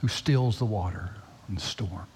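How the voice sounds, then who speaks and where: A man preaching a sermon as pastor, swinging from loud, high pleading to hushed near-whispers. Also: moderate pace, slight background noise. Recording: long hall reverb.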